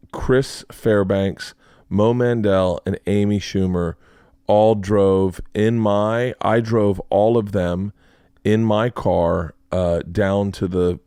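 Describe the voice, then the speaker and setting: A man with a lowish voice tells a rambling comic story on a podcast, jumping into the voices of the people he quotes. The sound is dry and close, with no room around him. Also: slow pace, clean tone, dry recording. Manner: animated storyteller who acts out quotes. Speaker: podcast host. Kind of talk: casual storytelling chat.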